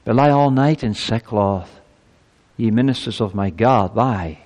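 A man's voice: lowish voice, measured pace, darkish tone, in a large hall. A man preaching a sermon to his congregation. He reads scripture with rising emphasis and asks earnest rhetorical questions.

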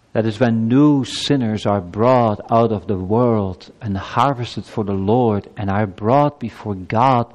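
A man's voice: fairly low pitch, a little mellow, big-room sound. A man preaching a sermon to his congregation. He reads scripture with rising emphasis and asks earnest rhetorical questions.

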